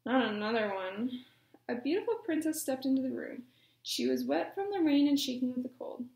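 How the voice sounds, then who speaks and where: High, gravelly woman reading a story. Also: lively intonation, brisk, mellow. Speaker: storytime reader. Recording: echoey room.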